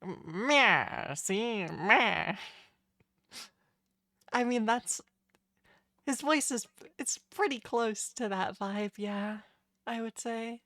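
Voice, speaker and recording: A woman's voice: a little high, slow, dry recording, clean studio sound. A woman streamer chatting casually and self-deprecatingly while playing a game live. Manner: chatty, self-deprecating, laughing, hesitant restarts.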